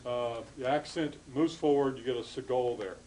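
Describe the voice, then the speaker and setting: A man's voice: medium pitch, normal speed, warm tone, slight background noise, poor audio. A man giving a classroom lecture to students, explaining patiently with frequent hesitations and restarts.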